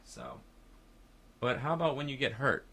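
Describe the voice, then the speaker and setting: A man's voice: mid-range voice, wildly swooping pitch, moderate pace, a bit bright. A man hosting a call-in radio talk show, chatting in a casual, rambling way from a studio microphone.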